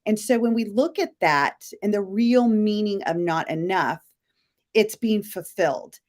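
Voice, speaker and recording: A woman's voice: mid-range voice, measured pace, a little mellow. Woman co-host, earnest coaching tone, live stream chat. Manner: earnest, coach-like, tells client stories. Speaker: co-host of a live talk show.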